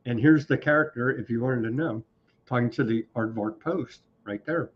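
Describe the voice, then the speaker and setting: Co-hosting a news commentary show, a man speaks sarcastically at normal speed in a mid-range voice. He trips over foreign names, and the audio is dull and lo-fi.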